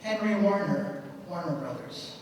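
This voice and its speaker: A man's voice: a little high, lively intonation, measured pace, slight background noise. An older man from Germany giving a folksy, joking seminar talk to an audience. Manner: jokey, folksy storytelling. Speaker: seminar speaker. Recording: echoey hall, picked up from far off.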